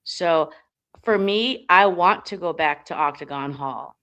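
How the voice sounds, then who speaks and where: A woman's voice: on the low side, a bit bright. Blunt, swearing woman guest. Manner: blunt, swears freely, halting restarts. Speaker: paranormal investigator guest. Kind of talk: casual chat.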